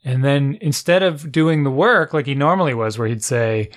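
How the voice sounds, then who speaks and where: A man in casual conversation, telling a story with lively, exasperated asides and quoted dialogue. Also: medium pitch, normal speed. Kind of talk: casual chat.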